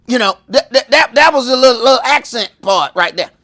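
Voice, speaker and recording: A man teaching a religious class in a lively preaching style, telling stories and acting out voices, swinging from loud to hushed. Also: extremely high pitch, fairly quick. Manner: animated, storytelling, acts out voices, swings from loud to whispered.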